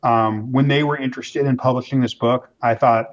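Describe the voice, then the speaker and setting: Male interview guest, animated storyteller, mid pitch, muffled lo-fi audio. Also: normal speed. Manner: animated storyteller, acts out quoted voices, many restarts. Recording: dull lo-fi sound.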